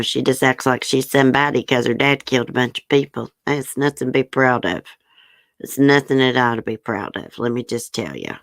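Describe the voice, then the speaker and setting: Woman streamer, low voice, dry close sound, chatty and blunt, answers her chat. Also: fairly bright tone, dry recording. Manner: chatty, frank and opinionated, talks back to viewer comments. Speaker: livestream host. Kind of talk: casual chat reading news and viewer comments.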